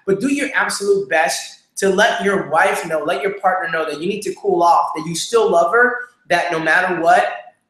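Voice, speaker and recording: Współprowadzący, mężczyzna, daje rady o związku z naciskiem i często powtarza "right?". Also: male voice, sits high, normal speed, a bit bright. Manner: emphatic, repeats "here's the deal" and "right?". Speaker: co-host. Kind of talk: casual advice talk. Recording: very echoey room.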